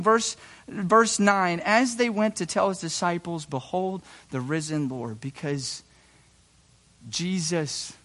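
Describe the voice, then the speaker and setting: A man delivering a sermon with dramatic swings, sinking into hushed, low phrases and climbing into loud, high bursts of excitement. Between these he drops into folksy asides, stumbling and restarting words as he goes. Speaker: pastor.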